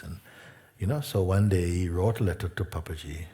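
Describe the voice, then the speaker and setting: A man leading a spiritual gathering, telling stories gently and unhurriedly, sometimes dropping to a whisper. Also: sits low, moderate pace, few pauses. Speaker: spiritual teacher. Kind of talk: satsang talk and storytelling.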